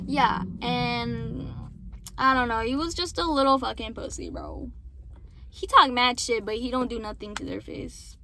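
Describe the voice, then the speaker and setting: A young woman with a high voice talks straight to her viewers about an ex. She rambles, swears a lot and keeps saying sorry, slipping between quiet asides and louder outbursts. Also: lively intonation, moderate pace, a little hiss or hum. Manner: rambling, frequent swearing and apologies. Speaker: vlogger. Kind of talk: casual venting to viewers.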